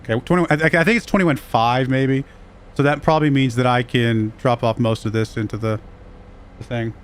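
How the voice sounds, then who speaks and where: A man's voice: medium pitch, steady tone, moderate pace. A man with a slight Southern US accent, chatting loosely and chuckling while streaming a farming game. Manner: chatty, rambling, chuckles often. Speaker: livestream gamer. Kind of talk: casual livestream commentary.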